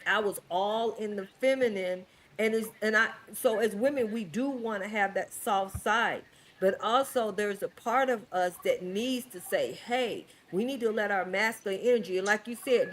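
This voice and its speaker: A woman's voice: medium pitch, normal speed. Woman hosting a video panel. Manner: hesitant, restarts often. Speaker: host. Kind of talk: livestream panel conversation. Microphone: video call.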